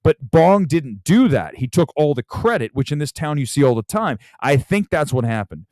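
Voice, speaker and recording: Hosting a livestream from Los Angeles, a man tells a rambling story in casual chat, restarting often. His voice is on the high side with big pitch swings, a darkish tone, and normal speed, recorded in clean studio quality with no room sound.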